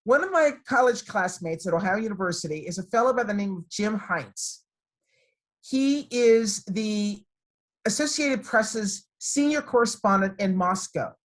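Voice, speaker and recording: A middle-aged woman, a guest speaker addressing students over a video call from her computer, warm and encouraging as she tells stories. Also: mid-range voice. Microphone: computer microphone on a video call.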